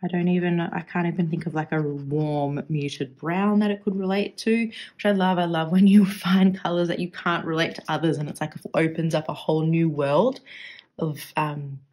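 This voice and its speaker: A woman's voice: deep voice, little pitch movement, normal speed, darkish tone. An Australian woman chatting casually as she swatches fountain pen ink, musing aloud and trailing off into restarts as she searches for words.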